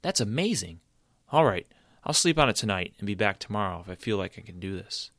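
A man voicing an eager young boy hero who asks questions and gets excited. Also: on the low side, a little fast, no room sound, clean studio sound. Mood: earnest.

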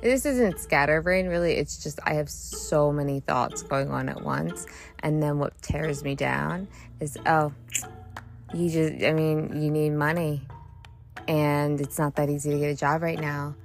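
A woman's voice: low voice, measured pace, vocal fry, soft background music. A woman hosting a solo podcast monologue, ranting heatedly with lots of swearing and scattered, restarting thoughts. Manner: profane, rambling rant; heated and frustrated. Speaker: podcast host.

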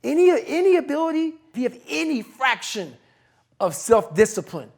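A man's voice: extremely high pitch, big pitch swings, moderate pace, gravelly. A middle-aged man speaking as an interview guest, blunt, profane and emphatic in an intense motivational way. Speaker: podcast guest.

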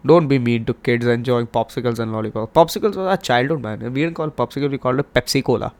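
A man's voice: mid-range voice, fast, a little mellow. A young man hosting a podcast, talking in a hyped, rambling, jokey way and swearing often. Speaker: podcast host. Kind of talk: casual monologue.

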